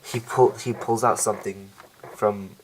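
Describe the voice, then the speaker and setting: Low-voiced man rambling through a recap. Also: steady tone, unhurried, noisy background. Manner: rambling, many fillers and self-corrections. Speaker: show reviewer. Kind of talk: casual episode recap.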